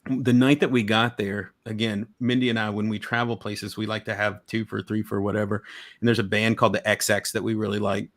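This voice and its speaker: A man with a somewhat low voice talks on a video call in an easygoing, rambling way. He keeps breaking off and restarting his sentences. He sounds eager as he speaks. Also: flat delivery, fairly quick, a bit bright. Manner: rambling, enthusiastic, many restarts. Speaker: guest collector. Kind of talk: casual chat.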